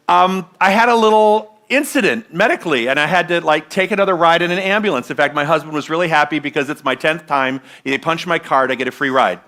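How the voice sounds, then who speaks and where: A woman preaching a Sunday sermon from the front of a church, her voice bright and clear. She talks conversationally, asks the congregation questions, and leads them through spoken affirmations. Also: fairly low pitch. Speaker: minister. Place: church sanctuary.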